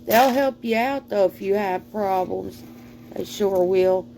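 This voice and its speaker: A middle-aged Southern woman with a mid-range, vocal-fry voice chats casually and folksily while she cooks for her vlog, with background noise audible. Her delivery is slow and rambling, full of fillers and sighs, in a Southern accent.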